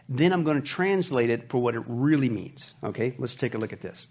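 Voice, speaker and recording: A man hosting an opinionated commentary show, his voice at a middle pitch. He talks emphatically and preachily, calling his listeners folks as he drives his points home. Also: lively intonation, brisk, hardly any pauses, slightly rough.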